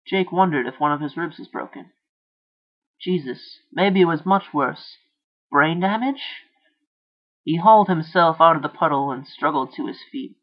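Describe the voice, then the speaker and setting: A man's voice: a little high, normal speed. A man reading a story aloud, lifting his voice for the characters' dialogue. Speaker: narrator. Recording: dull lo-fi recording.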